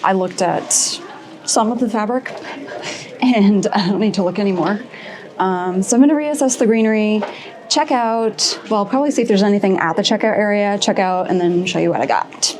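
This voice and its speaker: A woman craft vlogger chatting casually and excitedly, often laughing at herself, a little out of breath. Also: medium pitch, brisk. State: a bit out of breath. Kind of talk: casual shop-with-me vlog chat.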